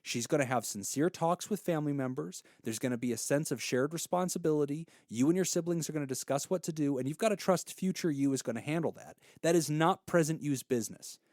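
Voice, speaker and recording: A man's voice: on the high side, fast, few pauses, a little mellow, no room sound, studio quality. Earnest man in his thirties giving advice. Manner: earnest, heartfelt storytelling. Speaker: podcast host giving advice. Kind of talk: casual advice podcast.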